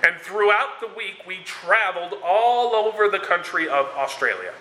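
A preacher delivers a conversational sermon in a high, expressive, bright and forceful male voice at normal speed, recorded in an echoey room. He explains scripture and tells a story with frequent fillers and restarts.

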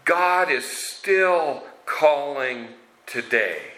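Slow, earnest man preaching. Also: mid-range voice, sharp tone, low-quality recording. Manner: slow, earnest storytelling with asides. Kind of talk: sermon.

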